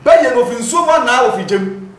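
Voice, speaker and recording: A man's voice: very high-pitched, animated, fast. A man from Ghana, a prophet, explaining spiritual matters in an interview with a preacherly manner that cites scripture. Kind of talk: teaching in an interview. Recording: roomy echo.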